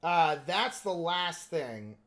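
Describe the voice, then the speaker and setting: This livestream host, painting miniatures, has a fairly bright, expressive voice on the high side and speaks at a slow pace. He meanders through his talk with plenty of fillers, joking around and teasing himself.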